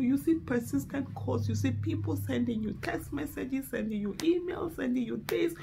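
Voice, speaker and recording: This middle-aged Nigerian activist, with a Nigerian accent, has a high, darkish voice with vocal fry; she speaks fairly quickly with few pauses, over a little hiss or hum. Addressing the camera fervently and emotionally, she rises to exasperated outbursts and sounds tearful, near breaking down.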